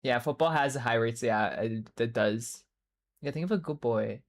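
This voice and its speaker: At a moderate pace and mid-range pitch, a young male streamer drifts through loose, expletive-laden small talk heavy with fillers. Partway through his stories he answers chat messages, addressing each viewer by name.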